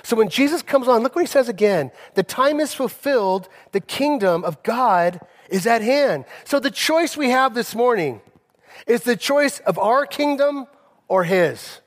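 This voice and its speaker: A male pastor delivering a sermon, telling personal stories with emphasis and slowing down on key phrases. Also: extremely high pitch, animated. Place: church sanctuary. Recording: long reverb of a church hall.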